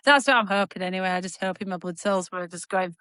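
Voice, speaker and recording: Co-hosting a casual podcast chat, a woman rambles, pokes fun at herself, and laughs readily. Her lowish voice is quick, pushed, and bright, captured in a dry, studio-quality recording.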